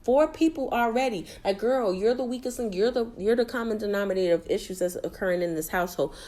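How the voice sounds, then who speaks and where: A woman's voice: medium pitch, steady tone, fast talker, warm tone. Blunt, slangy woman ranting. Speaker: reality TV recap vlogger. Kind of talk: casual ranting recap.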